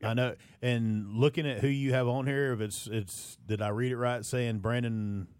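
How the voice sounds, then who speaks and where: A man's voice: mid-range voice, fairly even intonation, normal speed, darkish tone, clean tone, dry recording, clean studio sound. A man co-hosting a casual radio show with wry, teasing remarks. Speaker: radio co-host.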